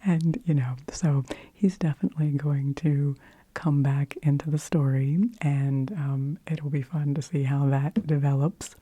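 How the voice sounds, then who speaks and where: A woman whispering softly into a close microphone in a rambling ASMR chat, unhurried and full of little fillers. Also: low voice, fairly even intonation, breathy edge. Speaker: ASMR host.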